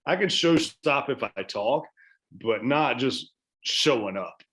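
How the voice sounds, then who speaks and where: A man's voice: medium pitch, expressive, a little slow, a bit bright. A man chatting casually as a podcast guest, rambling with many restarts and swearing freely. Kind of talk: casual chat.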